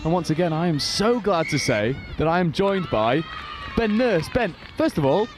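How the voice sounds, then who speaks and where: A man giving live play-by-play commentary on a sports match, calling the action quickly and with energy. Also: fairly high pitch, very animated, background noise.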